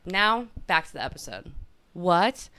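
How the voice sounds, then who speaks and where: A woman's voice: mid-range voice, lively intonation, moderate pace, a bit bright, clear, resonant tone. A young woman hosting a podcast, telling a personal story in a casual confessional way, full of "like" fillers. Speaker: podcast host.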